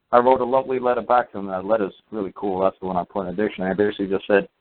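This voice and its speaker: A man telling a long story in a casual, rambling way, full of fillers and restarts. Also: on the low side. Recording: tinny phone line.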